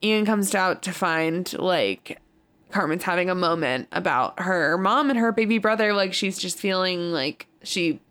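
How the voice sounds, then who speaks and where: A woman's voice: fairly low pitch, a little slow, a bit bright. A woman co-hosting a podcast, casually recapping a movie in a chatty way, with lots of "like" fillers and offhand swearing. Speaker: podcast co-host.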